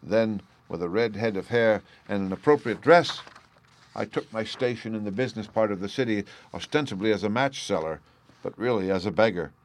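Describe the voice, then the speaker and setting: A man voicing an ashamed gentleman prisoner who tells his story earnestly and pleadingly. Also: fairly low pitch, animated, a little fast. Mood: confessing.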